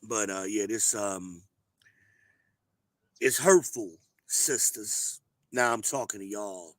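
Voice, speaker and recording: A hoarse man, hosting an advice show and talking bluntly and emphatically. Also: on the low side, slow pace, no room sound. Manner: emphatic, preachy, blunt with cursing. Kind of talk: casual advice monologue.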